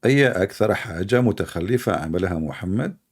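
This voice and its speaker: A middle-aged man speaks English, hosting a sarcastic commentary show. His somewhat low voice has a gravelly edge, and he mocks his subject while laughing at his own jokes. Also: expressive, very fast. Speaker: show host. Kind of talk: mocking commentary.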